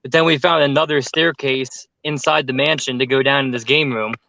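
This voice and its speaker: A man telling a story with lots of fillers in casual chat on a group call, animated and talkative. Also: mid-range voice, a little fast, gravelly, no echo, highs cut off. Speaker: paranormal youtuber telling a story.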